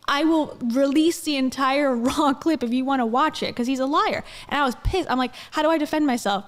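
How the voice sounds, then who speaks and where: A woman's voice: high voice, fairly quick, hardly any pauses, long reverb tail. A woman co-hosting a casual commentary podcast, telling stories animatedly, swearing and laughing often. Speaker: podcast co-host and video creator.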